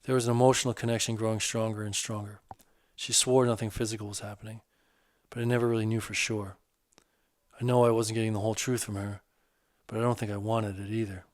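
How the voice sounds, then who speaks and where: An earnest, hurting divorced man, voiced by a male narrator, talking casually and haltingly about his pain. His voice is on the low side, recorded close and dry. The speech is candid and unpolished. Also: little pitch movement, dry recording, natural voice.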